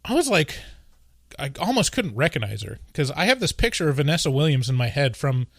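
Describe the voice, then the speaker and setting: A man with a slightly high voice, joking and rambling through a podcast chat. The sound is dry and close, with no room in it. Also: big pitch swings, gravelly, fairly bright tone, dry recording. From US West Coast. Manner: jokey, rambling, quick to laugh. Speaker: podcast co-host. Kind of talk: casual chat.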